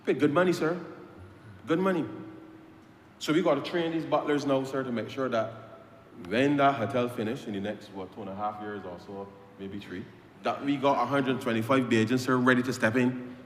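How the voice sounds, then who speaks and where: A man's voice: mid-range voice, normal speed, slight background noise. Impassioned Barbadian man in echoing chamber. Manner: impassioned, repeats himself, addresses the Speaker as sir. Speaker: member of parliament. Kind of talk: parliamentary speech. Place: parliament chamber. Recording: roomy chamber with long reverb.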